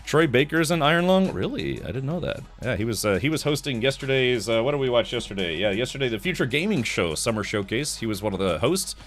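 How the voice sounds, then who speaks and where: A tired man hosts a casual live stream, his voice sitting at an ordinary middle pitch as he rambles from one story to the next. He drops in mouth sound effects as he talks, and faint music runs softly behind him. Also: big pitch swings, fast, hardly any pauses.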